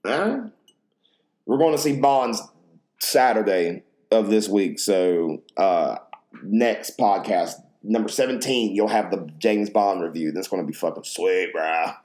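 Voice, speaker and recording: A man's voice: fairly low pitch, measured pace, a little mellow. A man hosting a podcast in casual chat, rambling, profane and full of slang. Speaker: podcast host.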